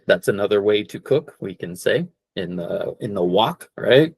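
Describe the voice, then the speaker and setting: A male English teacher giving an online lesson, slowing down to model phrases and repeating them for practice. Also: on the low side, big pitch swings, no room sound. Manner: slows down to model phrases clearly; corrects himself and repeats for practice. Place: online class.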